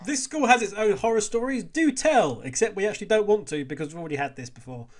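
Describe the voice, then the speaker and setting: A man's voice: high voice, very animated, fast talker. A man hosting a comedic let's play, reading the game's dialogue aloud and making playful, jokey asides.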